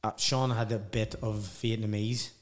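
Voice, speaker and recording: A man's voice: lowish voice, level tone, normal speed. A man, telling travel stories in a casual chat, swearing freely and laughing through his own tales. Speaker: podcast guest.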